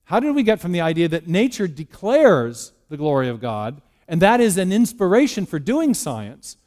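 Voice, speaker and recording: A man speaks at a church as guest lecturer, his voice sitting a little high. He talks in a relaxed, conversational way, with frequent ums and uhs. He turns to the audience with questions as he goes. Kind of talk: public lecture to a live audience.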